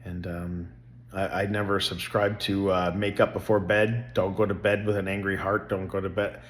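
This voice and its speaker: Middle-aged man, lowish voice, earnest and rambling, casual family vlog talk. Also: little pitch movement, normal speed, a bit bright. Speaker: vlogger.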